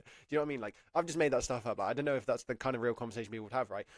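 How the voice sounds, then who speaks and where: A man's voice: mid-range voice, very fast, hardly any pauses, no echo, clean studio sound. A young man giving casual advice to camera, rambling, full of "like", often self-conscious and laughing. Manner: chatty, rambling, heavy use of "like". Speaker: apprenticeship advice vlogger.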